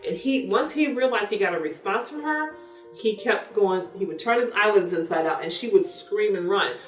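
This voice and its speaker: A woman's voice: medium pitch, moderate pace, far from the mic. A woman candidly telling a story about raising her child, acting out the dialogue. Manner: candid, animated retelling with quoted dialogue. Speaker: parent vlogger. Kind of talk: casual storytelling. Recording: echoey room, voice from off-mic, faint music.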